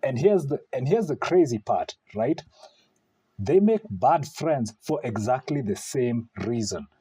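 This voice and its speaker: A man's voice: mid-range voice, lively intonation, a little slow, warm tone, breathy edge. A man hosting a reaction video, talking bluntly and profanely with exasperation between clips. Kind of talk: casual reaction commentary.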